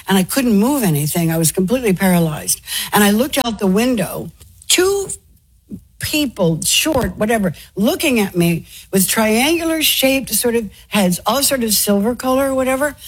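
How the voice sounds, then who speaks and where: A woman tells a personal story in a breathy, slightly husky voice. She speaks earnestly, often stumbling and restarting as she goes, and she is visibly moved by her own account. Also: mid-range voice. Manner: earnest, emotional, halting with many restarts. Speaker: interview guest.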